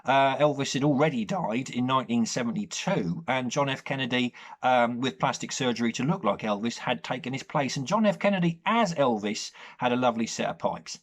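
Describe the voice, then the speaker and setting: A man with an English accent delivering a deadpan, rambling improvised comic monologue, full of fillers. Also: medium pitch, fairly quick, few pauses. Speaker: comedy sketch host.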